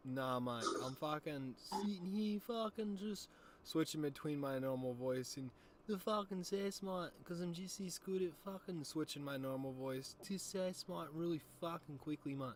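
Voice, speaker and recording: A man's voice: on the high side, normal speed, a little hiss or hum. A young man casually commentating a gaming stream, rambling and joking with heavy swearing.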